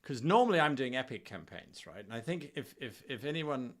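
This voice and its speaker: A man hosting a casual chat about running games, telling stories in an animated way. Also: mid-range voice, fairly quick. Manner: animated, laughing storyteller. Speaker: host.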